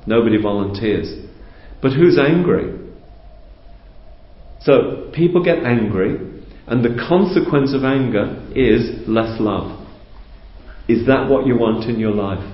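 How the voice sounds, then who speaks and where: Man, spiritual teacher, calm explanatory teaching talk, rhetorical questions, middle pitch, echoey muffled recording. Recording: roomy, dull lo-fi recording.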